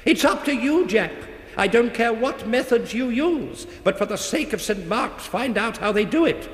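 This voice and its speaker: An actor playing a fretful middle-aged vicar in a radio comedy sketch, pleading and anxious. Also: male voice, very high voice, expressive, moderate pace, reverberant, long reverb tail.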